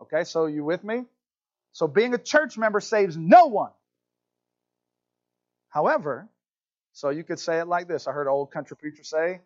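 Guy preaching w a country accent, pretty high voice, kinda dull lo-fi sound. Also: moderate pace, pauses often. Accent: Southern US country. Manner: animated preaching, asides to congregation. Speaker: pastor. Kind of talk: sermon.

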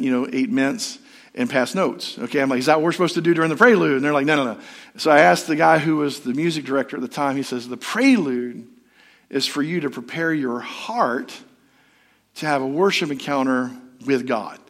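A man's voice: a little high, fairly bright tone. A man, a pastor, preaching a sermon in a storytelling, conversational way and putting questions to the congregation.

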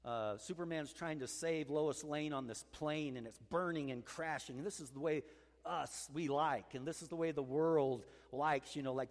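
A male pastor preaching in a big church sanctuary, his fairly high voice trailing a long hall reverb. He tells stories in animated bursts, climbing higher and louder as his excitement builds. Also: moderate pace. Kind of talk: sermon.

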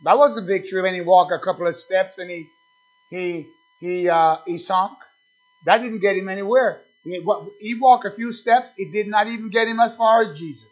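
A man's voice: high voice, moderate pace. A man preaching a sermon, emphatic and repetitive, calling out "amen" between points. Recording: dull lo-fi sound.

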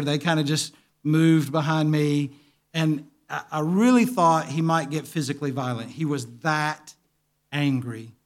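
A man with a somewhat high voice preaches to his congregation. He tells a story vividly and acts out the dialogue in an earnest way. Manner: quiet, earnest. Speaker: pastor. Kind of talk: sermon storytelling.

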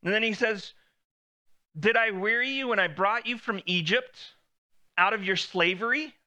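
A man's voice: sits high, moderate pace, pushed and bright. A man preaching a sermon in a conversational way, lifting his voice when he quotes God.

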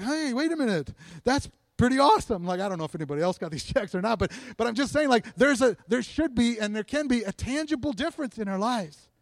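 A man's voice: high voice, dry recording, clean studio sound. A man preaching a sermon in a church, talking casually with the congregation, asking questions and chuckling often. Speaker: pastor. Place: church sanctuary.

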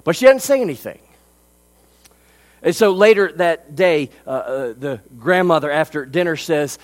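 A man's voice: fairly high pitch, lively intonation, moderate pace. A male pastor, preaching a sermon and telling a story with frequent fillers.

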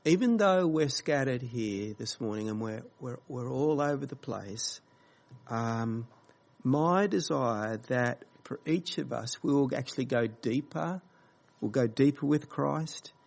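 A man preaching a sermon in a slow, earnest, halting way, with frequent pauses and fillers. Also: medium pitch, expressive, vocal fry, darkish tone. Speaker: pastor.

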